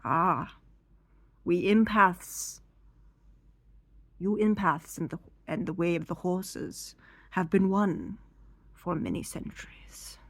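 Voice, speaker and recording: A woman voicing a wise, mystical horse that speaks slowly and solemnly in a hushed, half-whispered voice. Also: fairly low pitch, animated, creaky, no echo, heavily acted.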